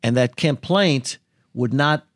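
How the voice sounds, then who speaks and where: Halting male attorney telling a story. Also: mid-range voice, no echo, clean studio sound. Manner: halting, many filler sounds and restarts. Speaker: attorney and interview guest. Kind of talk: storytelling in a podcast interview.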